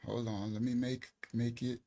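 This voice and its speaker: This man's voice is medium in pitch with a dark, level tone and a moderate pace. Through a desk mic on a live stream, he teaches a laid-back Bible lesson, chatting loosely and frequently tossing in "all right" and a laugh.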